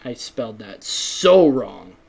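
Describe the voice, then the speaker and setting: A man's voice: medium pitch, very animated, slow, creaky, darkish tone, breathy edge. A man hosting a solo podcast in a rambling, self-deprecating casual chat, with many fillers and restarts. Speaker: podcast host.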